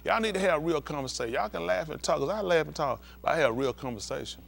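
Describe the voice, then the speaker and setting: Speaking quickly and with lots of animation, this pastor has a higher, fairly bright male voice touched with vocal fry. His sermon is blunt, profane, and confrontational, and he stages scenes using volunteers from the congregation.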